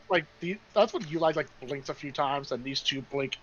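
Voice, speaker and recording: A man's voice: on the high side, moderate pace, highs cut off, crowd noise. A man running a tabletop game as game master, narrating in a loose, rambling way.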